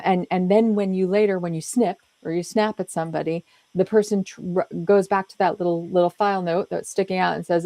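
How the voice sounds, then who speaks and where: A woman's voice: medium pitch, dark tone, no echo. A woman hosting a podcast conversation, talking earnestly and emphatically and acting out little quoted lines. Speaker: podcast host. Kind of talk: conversational interview talk.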